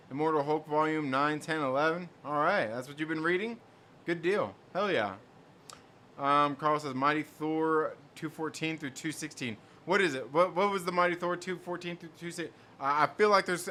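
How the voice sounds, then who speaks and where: Bright-voiced, chatty male stream host. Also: on the high side, slight background noise. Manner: rambling, repeats himself, laughs often. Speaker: host reading live chat. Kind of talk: casual live-stream chat.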